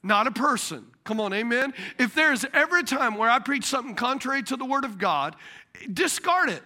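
A man preaching a sermon as a pastor, telling stories in an animated way. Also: very high voice, fairly quick.

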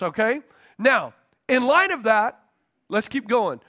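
High-voiced man preaching with emphasis. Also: very animated, slow pace, pushed and bright. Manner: emphatic, repeats key points and checks in with the congregation. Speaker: pastor. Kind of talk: sermon teaching.

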